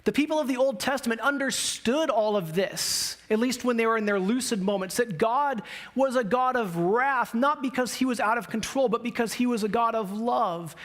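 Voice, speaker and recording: A man's voice: very high-pitched, moderate pace, a bit bright. A man pastor preaching a sermon in a conversational style, with emphatic rises when he speaks for God and the prophets. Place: church sanctuary.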